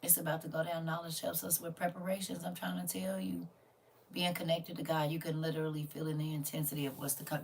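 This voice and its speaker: A woman's voice: deep voice, little pitch movement, quick pace, gravelly, darkish tone, recorded from a distance. A woman, hosting a casual livestream and talking earnestly to her viewers as family. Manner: earnest, preachy, addresses listeners as family. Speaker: livestream host.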